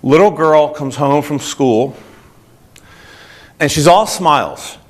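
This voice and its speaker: A man's voice: fairly high pitch, slow. A man with a New Jersey accent giving a motivational talk to a group, often asking the audience questions. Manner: energetic, asks the audience questions. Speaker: speaker.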